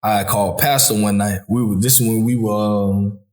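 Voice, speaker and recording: A man hosting a podcast who talks through fatherhood in a relaxed, heartfelt chat, often calling his friend "bro". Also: lowish voice, moderate pace. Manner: informal Southern US speech, calls listener "bro". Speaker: podcast host. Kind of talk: casual heartfelt conversation. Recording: echoey room.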